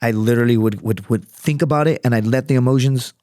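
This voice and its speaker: A man's voice: medium pitch, quick pace, warm tone, no echo, clean studio sound. A man talking as a podcast guest, in a casual, profane, storytelling manner. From United States. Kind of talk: casual interview chat.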